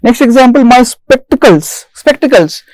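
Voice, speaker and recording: A man giving a recorded grammar lecture as a lecturer, stressing single words slowly and repeating each rule and example. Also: very high voice, expressive, darkish tone, no room sound, low-quality recording. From India. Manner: repeats rules and examples deliberately. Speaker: English lecturer.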